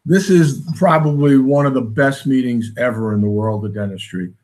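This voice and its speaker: A man's voice: mid-range voice, normal speed, a little mellow. A man from New York, a guest dentist, chatting with enthusiasm. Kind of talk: casual chat.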